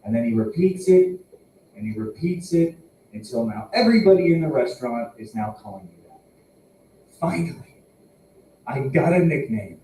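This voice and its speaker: A man's voice: mid-range voice, dark tone, far from the mic, a little hiss or hum. A young man doing stand-up at an open mic, self-mocking and laughing at his own jokes. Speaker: stand-up comedian. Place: small tobacconist shop. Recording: echoey room, heard from afar.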